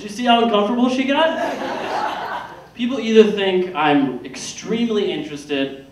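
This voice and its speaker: A man's voice: sits high, expressive, normal speed. A man in his thirties doing a self-deprecating stand-up set on a theater stage, acting out other people's lines as he goes. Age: 30s. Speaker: stand-up comedian. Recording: echoey room from far off, loud noise.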